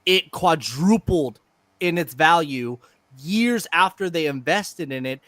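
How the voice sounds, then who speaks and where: A man co-hosting a casual podcast, explaining things at length in a quick, lively way. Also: fairly high pitch, dry recording. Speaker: podcast co-host.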